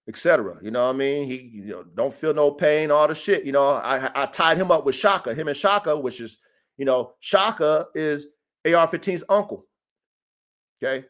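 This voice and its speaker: Man, casual livestream host, animated storytelling, profane, slightly high voice. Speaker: dog breeder and podcast host. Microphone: streaming setup.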